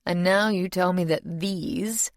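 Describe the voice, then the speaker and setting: Brief: woman narrator doing an ancient male demon, urbane and world-weary, lower register. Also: steady tone, slow pace, no echo. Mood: genial. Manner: polite, dry, gently world-weary.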